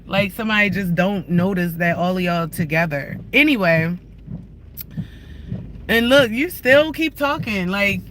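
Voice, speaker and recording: Profane high-voiced man ranting in a car. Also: measured pace. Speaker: livestreamer. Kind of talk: live-stream rant while driving. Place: inside a moving car. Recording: loud car road noise.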